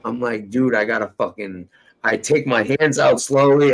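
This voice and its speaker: A man's voice: mid-range voice, moderate pace, vocal fry, rough recording. A man telling a rambling, profane story in casual chat, acting out the dialogue he quotes. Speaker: storyteller guest.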